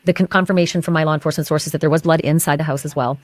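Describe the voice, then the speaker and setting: A woman podcast host with a lowish voice, recorded dry and close. She talks through a breaking case in a casual, halting way, stopping and restarting as she shares what a source told her. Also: steady tone, no echo. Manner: hesitant, sharing details from a source. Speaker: true crime podcast host. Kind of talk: casual discussion of a news case.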